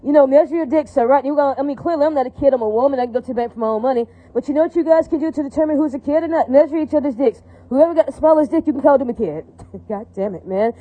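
Woman, rapid rambling profane rant, high voice, dry tinny recording. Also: no room sound. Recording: tinny phone-like audio, dry.

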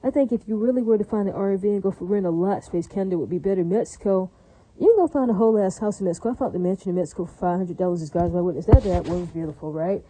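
Brief: fast-talking woman with a husky, mellow voice, chatty and blunt, keeps checking in with "right?". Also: mid-range voice, poor audio. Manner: chatty, keeps asking "right?" and "does that make sense?"; blunt and crude, with many fillers. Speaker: vlogger. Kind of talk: casual rambling monologue.

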